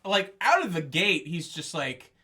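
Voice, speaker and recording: A man's voice: on the high side, measured pace, husky. A man co-hosting a casual movie podcast, animatedly retelling scenes. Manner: animated, acts out scenes in quotes. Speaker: podcast co-host.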